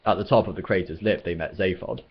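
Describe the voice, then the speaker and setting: A man reading a novel aloud as storyteller, in a steady, measured way, on a dull lo-fi recording. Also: sits low, breathy edge.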